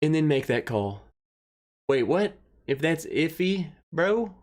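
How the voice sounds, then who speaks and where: A young man hosting a casual livestream, who rambles, greets viewers by name and gets excited and emotional. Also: a little high, takes it slowly. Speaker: livestream host. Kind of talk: casual livestream chat, reading viewer comments.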